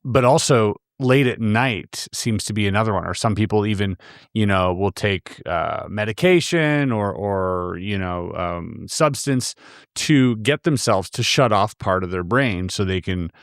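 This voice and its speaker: A man's voice: lowish voice, animated, unhurried, no echo, studio quality. A man hosting a podcast who talks in a reflective, casual way with frequent fillers. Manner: reflective, with many fillers like "you know". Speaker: podcast host. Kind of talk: casual interview chat.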